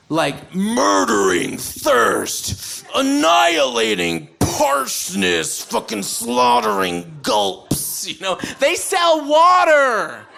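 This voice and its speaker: An American man performing a live stand-up set on stage, animated and mock-shouting his punchlines. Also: sits high. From United States. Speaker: stand-up comedian. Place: comedy stage before a live audience.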